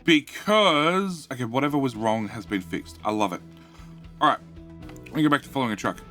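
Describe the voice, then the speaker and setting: This middle-aged man from Australia has a medium-pitched, expressive voice that's brisk, bright and forceful, with faint music behind him. Chatting on a game live stream in a light Australian accent, he rambles, mocks himself, and reads chat aloud, replying with many fillers and restarts.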